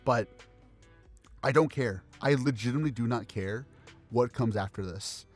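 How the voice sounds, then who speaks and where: A man on a casual podcast, speaking at an ordinary mid pitch. He vents with frustration, swears freely and repeats his points, and faint music sits behind him. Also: normal speed. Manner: frustrated, profane, repeating himself. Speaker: podcast co-host.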